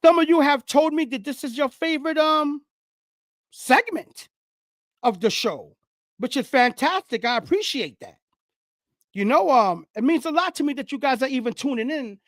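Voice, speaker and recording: A man hosting his own football talk show, speaking casually and excitedly, preaching to viewers and whooping as he hypes his segments. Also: very high-pitched, normal speed, no echo, clean studio sound. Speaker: sports show host. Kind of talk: casual sports talk monologue.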